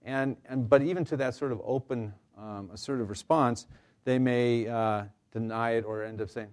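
A man's voice: mid-range voice, fairly even intonation, moderate pace, a little mellow. A man counselor giving an informal workshop talk to a live audience, conversational with fillers and light humor. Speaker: counselor leading a staff workshop.

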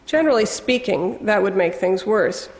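A woman narrating a first-person novel in a wry, measured storytelling manner. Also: medium pitch, lively intonation, in a large hall. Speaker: audiobook narrator.

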